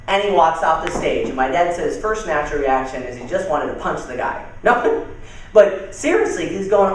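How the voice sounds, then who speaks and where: A young man giving casual, energetic sales training with stories, talking loosely and calling people dude and man, heard from far off in a very echoey room. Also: high voice, normal speed. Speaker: network marketing trainer. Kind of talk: training talk with storytelling.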